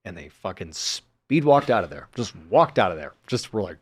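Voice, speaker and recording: A man, a podcast guest, telling a story in a relaxed, casual way, filling his talk with fillers as he builds suspense. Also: on the low side, normal speed, breathy edge, no echo.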